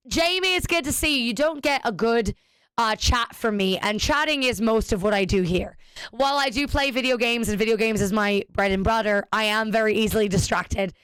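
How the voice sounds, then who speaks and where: A woman's voice: a little high, a bit bright, clean tone, no echo, studio quality. A woman streamer chatting casually with viewers, rambling and cutting herself off mid-sentence as she tells a story. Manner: rambling, self-interrupting storyteller.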